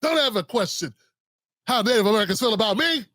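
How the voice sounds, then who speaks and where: A man putting on a condescending, folksy older male politician in a hushed, mocking impression. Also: sits high, lively intonation, fast talker, no room sound, studio quality. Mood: smug.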